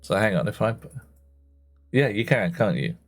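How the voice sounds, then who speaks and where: A man's voice: on the low side, sing-song, moderate pace, soft background music. Chatty man streaming a game. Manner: chatty, self-mocking, muttering asides. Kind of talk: live-stream commentary while playing.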